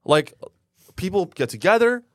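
Young dude cohost, kinda stammery and jokey, really lively up and down voice, dry sound. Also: male voice, sits high, moderate pace, no room sound. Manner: hesitant, stammering, joking. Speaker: podcast co-host. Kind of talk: casual comedic chat.

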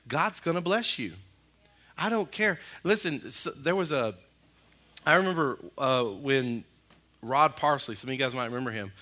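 Pastor, male, animated sermon delivery, ringing bright tone, mid-pitched. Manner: animated, jumps in pitch and loudness, colloquial asides. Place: church sanctuary.

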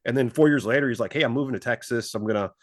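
A man's voice: mid-range voice, very fast, no echo, studio quality. A man in his forties, a former stockbroker turned entrepreneur, telling his story casually and acting out his own past dialogue in quotes. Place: Fort Worth, Texas.

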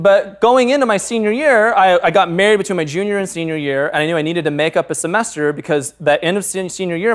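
A man in his thirties, a pastor, preaching a sermon through candid, humorous personal stories. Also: high voice. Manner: candid, humorous storytelling with frequent laughs.

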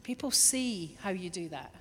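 A woman preaching a lively sermon, now and then acting out little quoted voices. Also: lowish voice, normal speed. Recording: long hall reverb.

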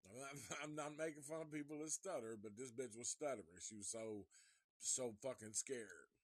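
A man's voice: medium pitch, normal speed, slightly rough, dry recording. A man hosting a podcast, casually retelling a film in a rambling, profanity-heavy way. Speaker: podcast host.

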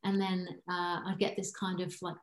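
A woman's voice: fairly low pitch, monotone, moderate pace, reverberant. A woman, an impressionist and actress, chatting as a guest and laughing often. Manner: chatty, giggly, slips into impressions. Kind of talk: casual chat, podcast guest.

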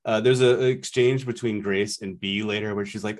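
A man's voice: lowish voice, fairly even intonation, fast talker, hardly any pauses, a little mellow. A man co-hosting a podcast, recapping a TV episode in casual chat with a wry, exasperated and rambling manner. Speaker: podcast co-host.

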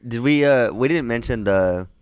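A man co-hosting a podcast in casual chat, making dry, deadpan asides. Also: mid-range voice, moderate pace, smooth, dry recording. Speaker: podcast co-host.

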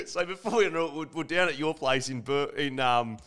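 A man's voice: on the high side, normal speed, fairly bright tone. An Australian man in his thirties hosting a casual interview, chatty and jokey with casual swearing. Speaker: podcast host, former footballer.

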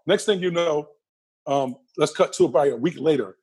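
A man being interviewed, telling a personal story with lively energy and acting out the other people's lines. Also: a little high, normal speed, slightly rough. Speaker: interview guest.

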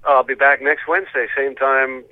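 A Canadian man talks in a relaxed, halting way, dropping dry jokes. He comes through a thin, phone-like line with a dead-dry sound. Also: mid-range voice, no room sound. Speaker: co-presenter. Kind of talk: casual radio chat.

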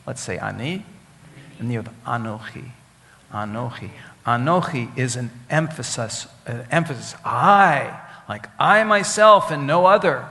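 Preacher, male, somewhat high voice, emphatic and repetitive, questions the flock; long hall reverb. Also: pushed and bright. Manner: teaching with Hebrew words, asks the congregation questions; emphatic, repeats key phrases. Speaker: rabbi. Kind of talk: sermon.

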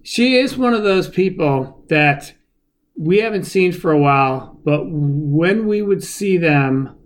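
A woman co-hosting a podcast in casual chat, sardonic and wry, rushing some phrases and drawing out others. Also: lowish voice, animated. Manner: sardonic, wry, jumps between fast bursts and drawn-out phrases. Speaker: podcast co-host.

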